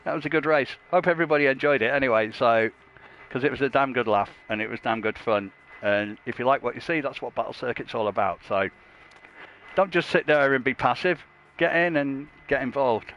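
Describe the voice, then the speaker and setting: A man's voice: mid-range voice, brisk. Male co-host, joking and crude, lo-fi stream sound with faint hiss. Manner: jokey, crude, laughs often. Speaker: livestream race commentator. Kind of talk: casual banter commentary.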